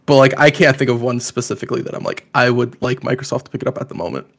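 A man co-hosting a casual podcast, laid-back and quick to laugh. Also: medium pitch. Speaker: podcast co-host. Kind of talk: casual chat.

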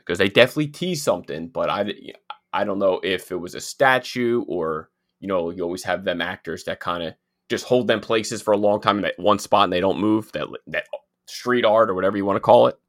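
A man co-hosting a casual show chat, halting and repeating his words as he talks. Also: sits low, fairly bright tone. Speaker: podcast co-host.

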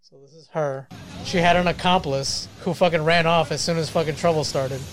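A man co-hosting a podcast, bantering over news clips with constant swearing and excitable outbursts. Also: on the high side, fairly quick, slight background noise. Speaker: podcast co-host.

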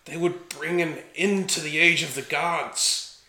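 A man voicing a calm, wry male adventurer in a tabletop game, speaking in dry, measured replies, with a roomy echo. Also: a little high, heavily acted.

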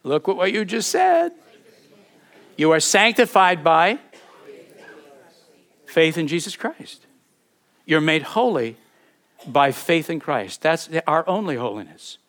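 A man preaches a sermon in a notably high voice, pressing each point with animated emphasis. He stumbles over repeated words as he builds momentum. Now and then he calls on the congregation to repeat a phrase back to him. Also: slow, long pauses. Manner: leads congregation call-and-response. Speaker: pastor.

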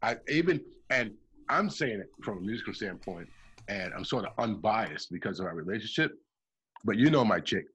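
A man's voice: fairly low pitch, very animated, moderate pace, fairly bright tone, breathy edge. A man in casual chat, talking emphatically and swearing often. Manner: profane, emphatic.

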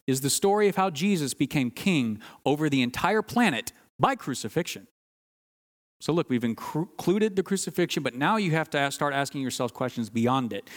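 A man's voice: a little high, in a large hall. A man preaching a sermon, earnest and teaching, stressing key words and sometimes restarting phrases. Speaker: pastor.

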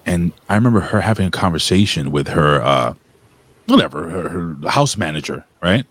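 A man's voice: low-pitched, moderate pace, no echo. A man with a New York accent, co-hosting a stream and telling rambling, profane stories in casual chat. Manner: animated storyteller, profane, rambling. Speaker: stream co-host.

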